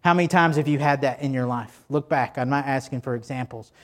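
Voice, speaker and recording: A man's voice: mid-range voice, brisk, fairly bright tone. A pastor preaching a sermon to his congregation in a church, conversational and joking, asking many rhetorical questions.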